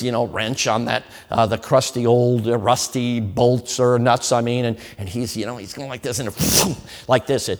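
Folksy preacher in an echoing hall. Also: male voice, mid-range voice. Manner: folksy, humorous, addresses the audience directly. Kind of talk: sermon storytelling.

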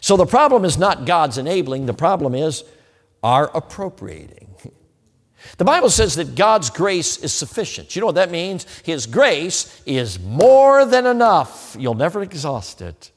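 A man preaching a sermon in a church, folksy and animated, chuckling between points. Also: a little high, normal speed. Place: church sanctuary. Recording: long reverb of a large hall.

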